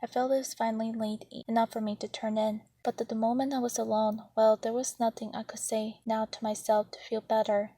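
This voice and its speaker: A woman reading a novel chapter aloud in the first person, in a steady, even way. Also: a little high, a little fast, few pauses, breathy edge, no echo. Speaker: narrator.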